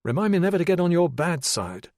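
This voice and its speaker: A man's voice: high voice, big pitch swings, quick pace, darkish tone, no room sound, pitched above the performer's own voice. A man voicing an unconventional male detective with a dry, understated way of speaking. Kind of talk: audiobook character voice.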